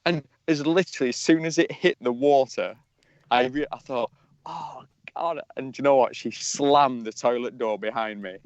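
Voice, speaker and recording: Co-host, rambling cheeky anecdotes, dull lo-fi phone sound, dry close audio. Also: male voice, mid-range voice, normal speed, no echo. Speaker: podcast co-host. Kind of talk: casual chat. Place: outdoors in a field, sitting on a tree stump. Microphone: mobile phone.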